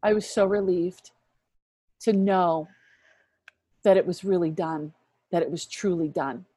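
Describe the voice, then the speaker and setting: A woman in her fifties sharing a personal faith testimony as an interview guest, earnest and reflective, often dropping to a hushed voice. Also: lowish voice, measured pace, slightly rough, no echo. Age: 50s.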